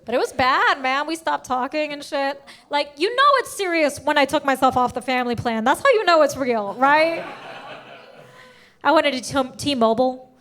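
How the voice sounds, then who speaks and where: Brash high-voiced woman doing stand-up. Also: animated, moderate pace, a bit bright. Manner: brash, profane, acts out quoted voices. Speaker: stand-up comedian. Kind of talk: stand-up comedy set. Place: comedy stage before a live audience.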